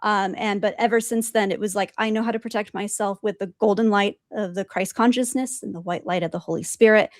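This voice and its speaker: A woman guest telling her spiritual experiences in an animated way, laughing often and acting out quotes. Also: mid-range voice, fairly quick, hardly any pauses, no echo, studio quality. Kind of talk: storytelling in conversation.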